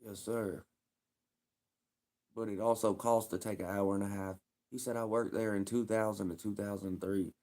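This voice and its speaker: A man's voice: on the low side, steady tone, normal speed, pauses often, darkish tone. A man telling stories on a livestream in blunt, profane, laid-back street talk. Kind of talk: casual storytelling on a livestream.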